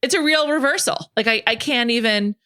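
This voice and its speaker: A woman's voice: a little high, fairly quick, sharp tone, clear, resonant tone, no echo, studio quality. A woman hosting a podcast in casual chat, enthusiastic and talkative with lots of fillers. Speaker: podcast host.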